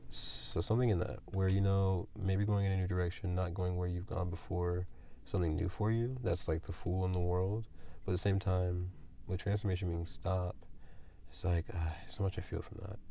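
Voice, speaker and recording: A man with a very low, gravelly voice talks his way through a tarot reading. He rambles and thinks aloud, full of ums and likes. His tone is dark and mellow. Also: steady tone, moderate pace, slight background noise. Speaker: tarot reader.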